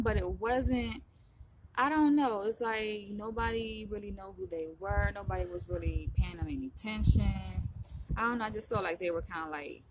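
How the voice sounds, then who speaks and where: A woman's voice: medium pitch, noisy background. A woman vlogger talking casually to her viewers, rambling with lots of fillers like "you know" and "like". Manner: chatty, rambling, full of fillers. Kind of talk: casual chat to camera. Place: in Los Angeles.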